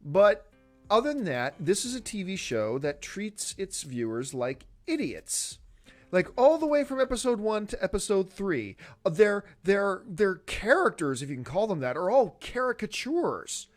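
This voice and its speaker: A man's voice: high-pitched, sing-song, unhurried, soft background music. A man giving an exasperated, sarcastic rant as an online movie commentator. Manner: exasperated and sarcastic, mocks others in put-on voices. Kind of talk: ranting commentary.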